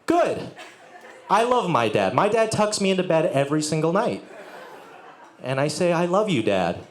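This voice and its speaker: A man's voice: a little high, big pitch swings, moderate pace. A young man doing a sardonic stand-up set with crowd work and profanity at a live venue. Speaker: stand-up comedian. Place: live music venue with audience. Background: audience laughter.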